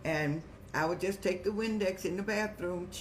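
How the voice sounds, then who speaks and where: A woman's voice: on the low side, normal speed, a little hiss or hum. An older woman hosting a live-streamed advice show, talking in a motherly, preachy way and telling stories with laughs. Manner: motherly, preachy, addresses viewers as "child".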